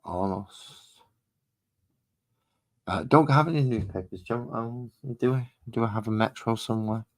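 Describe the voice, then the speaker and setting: A man's voice: medium pitch, a little fast, poor audio. A man chatting casually and thinking aloud, a little self-deprecating, while he paints miniatures at his hobby desk at home.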